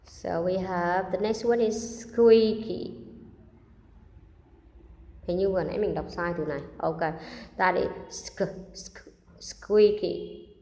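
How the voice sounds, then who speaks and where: A woman with a Vietnamese accent, a native Vietnamese speaker, teaching English by reading a children's story with expression and repeating vocabulary slowly for practice. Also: on the low side, fairly even intonation, warm tone. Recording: roomy echo with long reverb.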